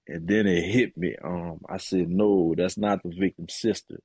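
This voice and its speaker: A middle-aged man, a guest and author, giving an earnest and emotional personal testimony, often pausing with "man" and hesitating as he talks. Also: low-pitched, fairly even intonation, a little mellow, breathy edge, no echo.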